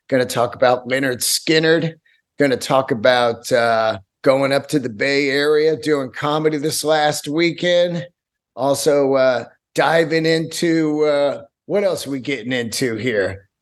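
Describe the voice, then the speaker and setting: A man's voice: fairly high pitch, unhurried. A man hosting his own podcast, talking alone in a loose, rambling way, swearing casually and breaking off mid-thought. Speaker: podcast host. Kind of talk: casual solo podcast talk with a read sponsor ad.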